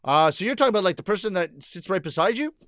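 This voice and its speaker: A middle-aged man with a fairly high voice hosts a casual livestream, reading out viewer comments and answering them with easy laughs. The sound is close and dry, with no room around it. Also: animated, fast talker, a bit bright, no room sound. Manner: chatty, laughs often, reads comments aloud and answers them.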